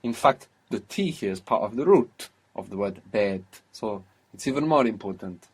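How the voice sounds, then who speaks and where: A man's voice: lowish voice, expressive, normal speed, a little hiss or hum. A man teaching a language lesson, who explains grammar patiently, step by step, and prompts his student with questions.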